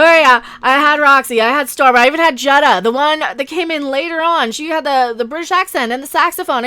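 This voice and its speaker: Forties female vlog host, high bright voice, emphatic ranting delivery, dry close sound. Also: dry recording. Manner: emphatic, repeats "no" forcefully. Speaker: commentary channel host.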